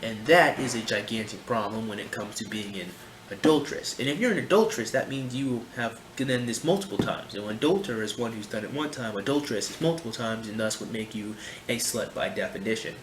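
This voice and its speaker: A man's voice: lowish voice, brisk. A man hosts a loose, chatty commentary. He talks animatedly, fills his thoughts with asides to his audience, and wanders between points. The recording is roomy and echoey, with a faint hiss of background noise. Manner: rambling, animated, heavy on fillers like "you know" and "my friend". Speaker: channel host reacting to videos. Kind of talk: casual commentary.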